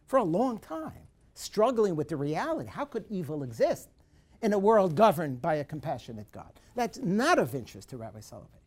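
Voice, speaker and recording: A woman with a lowish voice lectures on a course, swinging her pitch widely as she goes. She hammers key points again and again and acts out a troubled person's questions in the first person, as if speaking as them. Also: darkish tone, husky. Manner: emphatic, repeats key points.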